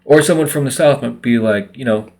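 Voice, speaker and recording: A brisk, mid-range male voice carries this vlog, as the man rambles casually to his viewers straight to camera. He's relaxed and drops in many fillers.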